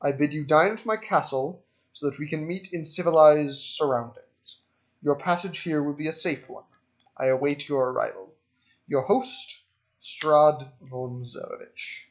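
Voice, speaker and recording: A man's voice: a little high, a little slow. Man reading as a stately vampire lord. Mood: formal. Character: vampire lord writing a formal invitation. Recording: dull lo-fi mic.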